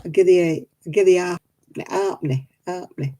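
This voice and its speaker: A woman's voice: lowish voice, quick pace, mellow, lightly acted. A woman imitating her doting old grandfather from Oldham, who speaks old northern dialect and repeats himself. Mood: coaxing.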